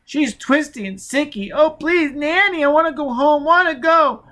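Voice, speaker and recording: A man's voice: very high-pitched, moderate pace, sharp tone, voice pushed up. A man voicing a frightened young boy telepath in an audiobook, pleading and whimpering. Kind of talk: audiobook character voice.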